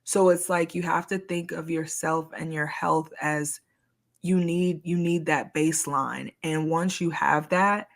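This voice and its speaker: A woman's voice: sits low, a little slow, gravelly. A young woman co-hosting a podcast, talking frankly and slangily in a casual, candid chat. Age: young adult. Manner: frank, slangy, animated storytelling. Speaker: podcast co-host.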